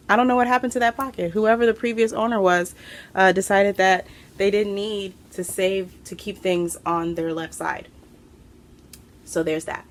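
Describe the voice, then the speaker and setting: A woman hosting a craft podcast from home, chatting to camera in an excitable, rambling way and a little out of breath. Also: medium pitch, normal speed. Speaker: podcast host. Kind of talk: casual chat to camera. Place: home room.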